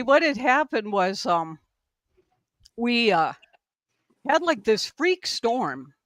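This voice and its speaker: A woman's voice: medium pitch, fairly bright tone, dry recording. Woman guest, casual storyteller on a video call, dry close sound, meandering delivery packed with fillers. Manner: rambling, filler-heavy, lots of "like" and "um". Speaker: podcast guest.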